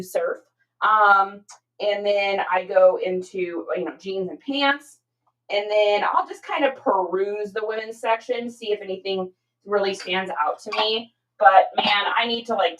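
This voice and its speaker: A woman's voice: mid-range voice, fairly bright tone, rough recording. A woman hosting a casual livestream from home, talking through her reselling work in a rambling, chatty way and reading out viewer comments. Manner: chatty and rambling, many fillers, reads chat aloud.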